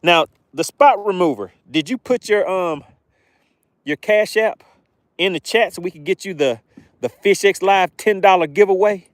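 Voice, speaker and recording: A man hosting a live fishing stream from a boat outdoors, reading chat and shouting playful catchphrases. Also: high-pitched, normal speed, no room sound. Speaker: fishing livestream host.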